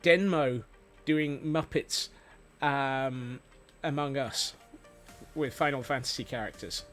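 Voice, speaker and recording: A man's voice: mid-range voice, slow, fairly bright tone. A man chatting casually while streaming a game, rambling and playful, with many fillers and restarts. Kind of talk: casual gameplay chat. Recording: faint music behind.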